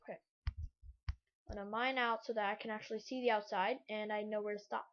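A woman's voice: medium pitch, steady tone, fast talker. A woman giving rambling gameplay commentary, thinking aloud as she plays, on a laptop mic in a room at home. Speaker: let's play gamer. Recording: dull lo-fi mic, faint hiss.

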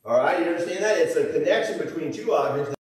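Echoey church pastor, conversational preaching. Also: male voice, a little high, animated, quick pace. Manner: conversational preaching, folksy asides and chuckles. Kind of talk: sermon. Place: church auditorium. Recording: echoey church hall, mic at a distance.

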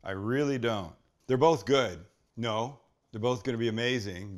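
Older male cooking host, casual and enthusiastic, middle pitch, talks straight to camera. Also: measured pace. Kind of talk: casual cooking demo chat.

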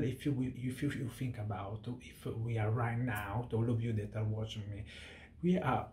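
A man's voice: medium pitch, dark tone, slight background noise. Earnest man in an echoey room. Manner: earnest, heartfelt, searching for words. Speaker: vlogger. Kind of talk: personal monologue to camera.

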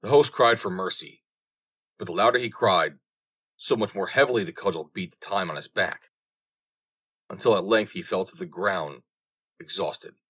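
A man narrating a fairy tale audiobook with measured storytelling. His voice sits very low in pitch. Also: fairly bright tone, slightly rough.

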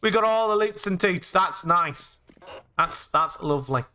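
Lively, bright-voiced British gamer. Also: male voice, sits high, unhurried, clean tone. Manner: goofy, swears playfully, narrates own actions in past tense, sudden squeals. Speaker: let's play gamer. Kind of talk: comedic gameplay commentary with self-narration.

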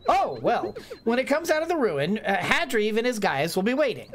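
A woman hosting a let's play, reading out game dialogue and shifting her pitch between characters. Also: normal speed, background noise. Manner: switches pitch between characters, lively delivery.

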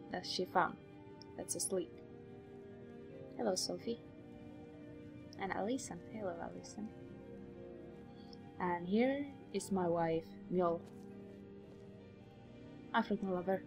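A young woman narrates her game casually, rambling and playfully acting out what others said. Her voice sits at a middle pitch, with faint music underneath. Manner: chatty, rambling, acts out quoted voices. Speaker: let's play host. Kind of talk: casual gameplay commentary.

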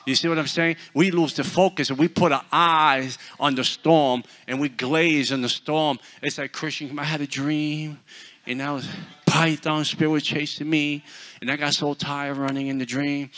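A man preaching a sermon, telling stories in a lively, joking, conversational way. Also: on the high side, moderate pace. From New York. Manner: animated, humorous, conversational preaching. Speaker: guest preacher. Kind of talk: storytelling sermon.

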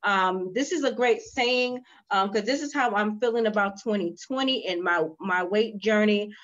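A woman hosting a virtual spa session over a video call, energetic and cheery, calling out to her viewers. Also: medium pitch, normal speed, dull audio. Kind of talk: lively livestream chat.

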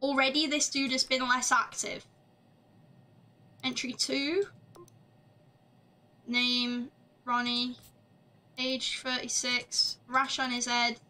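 A woman streaming a game live, chatting along as she plays, swearing freely and shouting at the screen. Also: on the high side. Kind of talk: live gameplay commentary.

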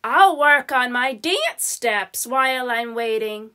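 A woman voicing an excitable nearsighted young princess in a storybook, exclaiming and lively. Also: on the high side, slow, pitched below the performer's own voice, heavily acted. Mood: excited.

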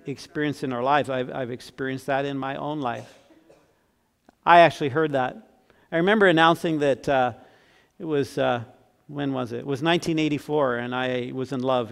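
Earnest pastor preaching in an echoing church. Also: male voice, mid-range voice. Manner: earnest, rising to emphatic then dropping soft and tender. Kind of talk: sermon. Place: church sanctuary. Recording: long church reverb.

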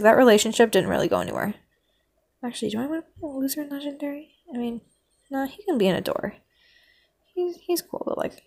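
A woman talking casually and meandering through her opinions, trailing off into hums and ums, sometimes bursting into mock outrage. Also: a little high. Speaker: vlogger ranking cartoon characters. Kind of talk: casual rambling commentary.

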